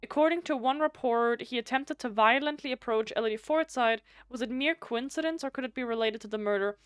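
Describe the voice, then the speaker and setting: A woman whose first language is German, streaming a game live, reading its text aloud and thinking out loud, often stumbling over words and restarting. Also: fairly high pitch, brisk, clean tone, no echo, clean studio sound.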